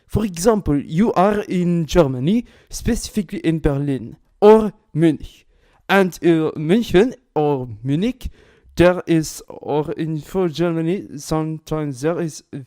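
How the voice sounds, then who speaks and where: A man's voice: on the high side, animated, a little slow, mellow. A man with a Slovak accent, speaking hesitant, broken English with many fillers. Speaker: video host. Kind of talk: accent imitation demo.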